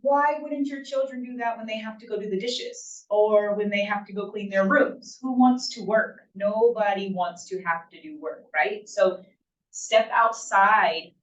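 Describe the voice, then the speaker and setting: This woman's mid-range voice holds a steady tone at a slightly slow pace as she addresses a group of parents. Her delivery is conversational, punctuated by frequent "right?" check-ins. The room sound is roomy, distant, dull and lo-fi.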